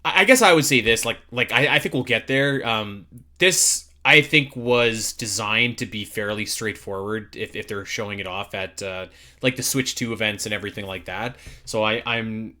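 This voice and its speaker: This young man co-hosts a casual podcast, and his voice is bright and punchy. He gushes with emphatic enthusiasm and often restarts his sentences as he goes. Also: fairly low pitch, normal speed. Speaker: podcast co-host.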